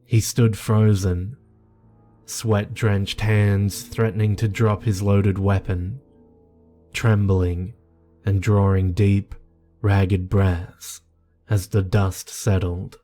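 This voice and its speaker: A man giving a measured, grave reading of a scripted horror story. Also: fairly low pitch, level tone, dark tone. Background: faint music.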